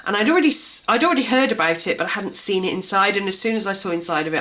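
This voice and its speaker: A woman vlogging a gift guide in a chatty, enthusiastic way, her voice congested and a little gruff from a cold. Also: medium pitch, expressive, very fast, bright, forceful tone. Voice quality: slightly gruff. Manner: chatty, enthusiastic, self-described colouring book nerd. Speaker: craft vlogger. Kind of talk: casual gift guide chat.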